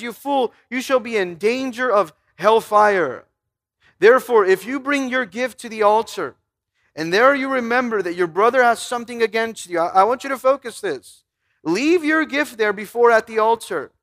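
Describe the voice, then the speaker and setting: Guy preaching, pretty high voice, keeps asking the crowd questions and reading verses out. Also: a bit bright. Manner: preaching with rhetorical questions, reading scripture aloud; emphatic, with repeated stumbles and restarts. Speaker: pastor. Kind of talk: sermon.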